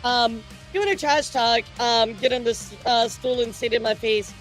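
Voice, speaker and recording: A woman with a bright, high voice hosts a casual livestream news segment. She talks loosely to her chat, teasing and laughing often. Soft music plays faintly underneath. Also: normal speed. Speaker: streamer and news host.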